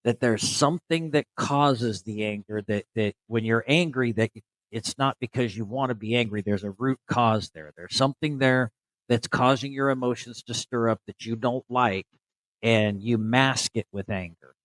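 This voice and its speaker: Podcast guy talkin real candid n thoughtful, average pitch, dry close mic. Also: moderate pace, a bit bright, no echo, poor audio. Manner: candid, reflective, conversational. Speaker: podcast co-host. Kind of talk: casual podcast chat.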